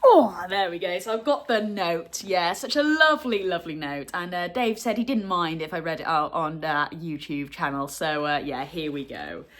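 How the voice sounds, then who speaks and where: A young adult woman hosting a retro gaming vlog, talking to viewers in a heartfelt, chatty way, full of fillers and quick laughs. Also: on the low side, fairly bright tone. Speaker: retro gaming channel host. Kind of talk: casual vlog chat to viewers.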